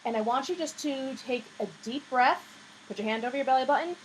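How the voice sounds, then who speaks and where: A woman's voice: sits high, fairly quick, a little hiss or hum. Patient woman coaching a singing lesson. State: slightly scratchy voice. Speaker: voice teacher.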